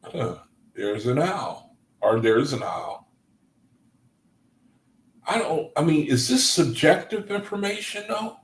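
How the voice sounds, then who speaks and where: Excitable man reading aloud, slow and echoey. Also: on the high side. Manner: excitable, gushing, exclaiming. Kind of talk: reading aloud and commenting in a group call.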